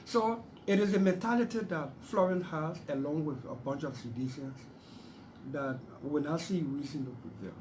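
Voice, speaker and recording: A man's voice: on the high side, normal speed, noisy background. A man as a senator answering interview questions in an assertive, combative way.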